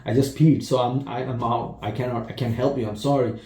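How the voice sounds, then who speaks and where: A man's voice: medium pitch, fairly even intonation, a little fast, mellow, reverberant, lightly acted. A man retelling a movie scene, voicing an apologetic, hesitant man who won't help his friend.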